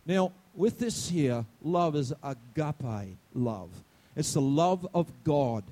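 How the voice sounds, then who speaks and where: Animated high-voiced male pastor preaching. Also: slow. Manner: animated preaching, swings from loud outbursts to low asides; asks the congregation questions. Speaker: senior pastor. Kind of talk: sermon.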